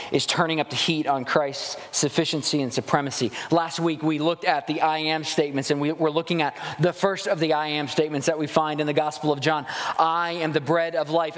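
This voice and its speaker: A man preaching a sermon as a pastor, animated and acting out grumbling voices as he goes. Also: a little high. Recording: long hall reverb.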